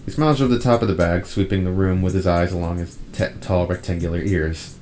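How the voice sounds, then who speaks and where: A man's voice: low-pitched, steady tone, fast, a little mellow, soft background music, rough recording. A man reading a furry visual novel aloud in first person, breaking off for wry joking asides. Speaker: visual novel narrator and player.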